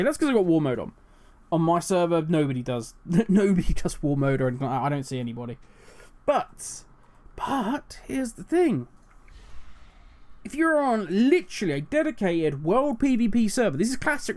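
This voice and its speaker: A man's voice: sits high, darkish tone. A man hosting a gaming channel, ranting animatedly with exasperated rhetorical questions. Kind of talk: casual commentary rant.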